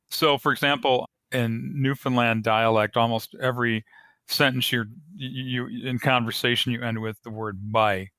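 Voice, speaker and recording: A man, an author being interviewed on a podcast, explaining his craft in a thoughtful, measured way. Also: medium pitch, sharp tone, no echo. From United States. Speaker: author guest.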